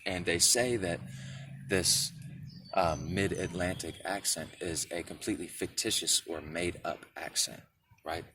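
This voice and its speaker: A man's voice: sits low, a little slow, recorded from a distance, background noise. A man from Michigan giving a casual spiritual talk to camera, often checking in with the listener with "right?" and "okay?". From Michigan, United States. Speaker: spiritual video creator.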